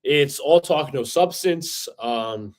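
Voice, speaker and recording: A man's voice: mid-range voice, animated, slow. A man hosting a sports fan livestream, talking in a frustrated, repetitive rant full of stumbles and restarts. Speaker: fan podcast host.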